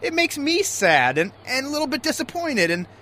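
An actor playing a gruff fishing boat skipper who stammers and swings between bellowing orders and coaxing his crewman. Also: extremely high pitch, big pitch swings, moderate pace. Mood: soothing. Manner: stammering, swings from yelling to soothing. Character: gruff male fishing skipper, hot-tempered yet coaxing. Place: outdoors on a boat. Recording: noisy outdoor recording.

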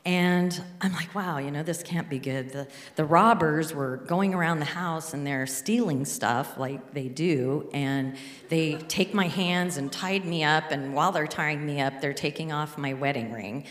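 A woman from Alaska telling a true story on stage with a handheld mic, dramatically acting out the people in it. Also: unhurried. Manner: dramatic, quotes husband in a high panicked voice. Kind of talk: live storytelling. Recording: echoey hall.

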